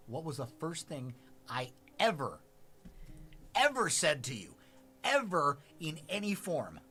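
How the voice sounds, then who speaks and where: A man's voice: a little high, wildly swooping pitch, measured pace, pauses often, pushed and bright, a little hiss or hum. A man hosting a casual livestream chat, blunt and wry, joking with his wife. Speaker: host.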